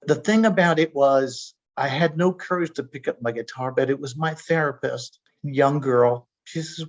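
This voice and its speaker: A man's voice: fairly high pitch, moderate pace, few pauses. A man telling his own story as a podcast guest, earnest and emotional, often stumbling and repeating words. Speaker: stroke survivor guest. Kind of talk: personal storytelling. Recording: dull lo-fi audio.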